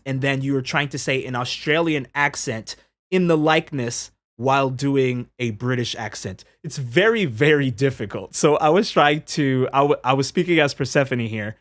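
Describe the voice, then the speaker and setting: A man casually narrating highlights from his game stream, upbeat and chatty, laughing as he explains. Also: fairly bright tone. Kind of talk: casual commentary over stream clips.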